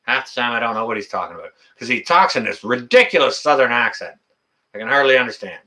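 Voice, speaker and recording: A man's voice: medium pitch, lively intonation, fast, bright, forceful tone. A middle-aged man hosting a casual livestream, reading the chat in a folksy way, with lots of fillers and laughter.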